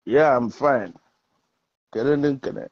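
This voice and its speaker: A man's voice: medium pitch, slow pace, husky, no room sound. A man hosting a casual live chat, joking and switching between Igbo and English. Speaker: host. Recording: dull dry lo-fi audio.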